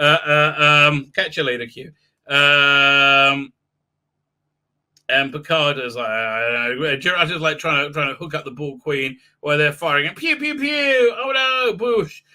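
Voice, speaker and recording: A man with a high, very bright voice runs a casual livestream recap. He rambles through it with constant fillers and breaks into mocking, silly voices for the characters. It sounds loose and off the cuff. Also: moderate pace. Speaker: livestream host reviewing a TV episode.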